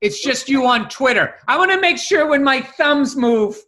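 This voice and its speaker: A man with a very high, bright voice rants at his co-hosts, swearing freely and picking fights for laughs. He talks in loose, casual podcast banter. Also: expressive, moderate pace. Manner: profane, combative ranting. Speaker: podcast co-host.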